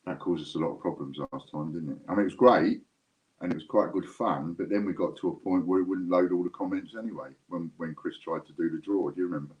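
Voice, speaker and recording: A man's voice: low voice, fast talker, muffled recording. A man hosting a live stream, chatting casually and jokingly straight to his viewers. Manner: rambling, jokey, talks straight to viewers.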